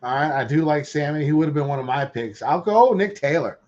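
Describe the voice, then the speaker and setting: A man filling in as guest co-host on a golf betting podcast, talking haltingly with plenty of fillers. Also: on the high side, darkish tone, muffled recording. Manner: halting, filler-heavy talk. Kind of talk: casual golf betting chat.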